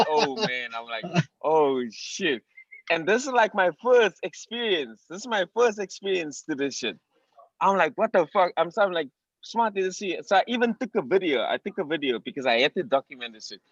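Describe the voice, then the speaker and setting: A man from South Africa with a South African accent telling an excited, profane story on a video call, laughing often. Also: high-pitched, moderate pace, lo-fi sound. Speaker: participant.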